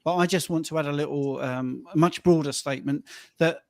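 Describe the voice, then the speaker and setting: A man tells stories as a co-host on a live stream, his voice a little higher than most men's. The sound is close and dry, with no room around it. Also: a little fast, vocal fry, a little mellow, no room sound. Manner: storytelling, acts out quoted voices. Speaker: fitness coach and co-host. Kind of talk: casual chat on a live stream.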